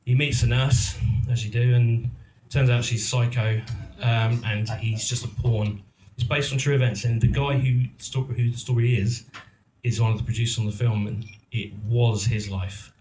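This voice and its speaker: A middle-aged man from England chats to a live audience, rambling and joking at his own expense, full of ums and false starts. His voice sits at an ordinary pitch and carries through a roomy, echoing event hall, with faint murmur behind him. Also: steady tone, normal speed, few pauses, a little mellow, slight background noise. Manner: rambling and self-mocking, many ums and restarts. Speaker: actor and producer giving a talk. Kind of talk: casual storytelling to a live audience.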